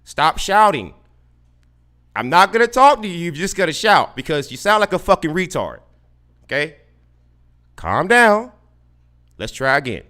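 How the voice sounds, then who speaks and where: A man hosts a combative live podcast, taunting a caller with mocking, repeated sarcastic questions and plenty of stammered restarts. His fairly high voice is sing-song, bright, and forceful, and he takes his time, leaving long pauses.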